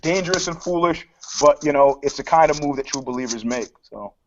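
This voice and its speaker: A man co-hosting a casual, profane sports podcast, an animated storyteller who acts out the people in his stories. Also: on the high side, fairly quick, highs cut off, background noise. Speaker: podcast co-host, MMA pundit. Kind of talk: casual, profane chat, acting out the other side of a dispute.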